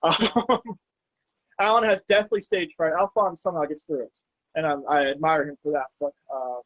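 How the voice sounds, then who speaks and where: A man's voice: fairly high pitch, fairly even intonation, moderate pace, fairly bright tone, dull audio. A man hosting a casual chat, talking hesitantly with many fillers and laughing easily. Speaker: podcast host.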